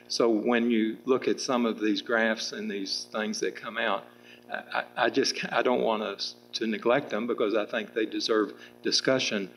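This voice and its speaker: Low gravelly middle-aged guy at a debate, lots of restarts and uh's. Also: steady tone, normal speed, a bit bright, slight background noise, poor audio. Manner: rambling, frequent restarts and fillers. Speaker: political candidate in a debate. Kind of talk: public debate answer. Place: public meeting room with audience.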